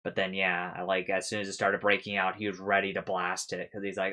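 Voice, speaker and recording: Guy chatting thru a show recap, kinda low voice, rambly, cusses a lot, laughs at his own bits. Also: flat delivery, a little fast, sharp tone. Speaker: reaction video host. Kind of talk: casual episode recap and reaction.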